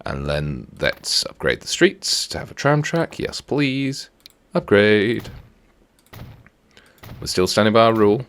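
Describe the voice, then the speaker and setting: A man's voice: on the low side, wildly swooping pitch, normal speed, hardly any pauses, fairly bright tone, a little hiss or hum. A man hosting a let's play, giving chatty, playful commentary and joking with himself as he builds. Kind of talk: casual gameplay commentary.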